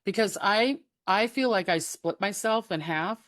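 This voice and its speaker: A woman guest on a chat show, telling stories in a lively way, acting out the voices of other people and laughing often. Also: medium pitch, a little slow, dry recording, studio quality. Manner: animated, acts out quoted voices, laughs often. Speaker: psychic guest. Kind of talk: casual storytelling chat.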